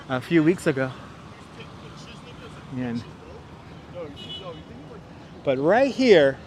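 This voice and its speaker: A man's voice: fairly high pitch, slight background noise. Chatty man streaming from a city street. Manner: chatty, rambling, often repeats himself. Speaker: livestream host. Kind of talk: casual live walking commentary. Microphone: wireless clip-on mic.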